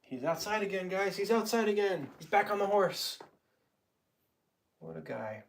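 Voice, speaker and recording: A man with a high, expressive voice talks casually to his live-stream viewers while he paints, at a moderate pace with vocal fry and long pauses. He rambles to himself and to chat as he works, growing heated and louder whenever he starts ranting.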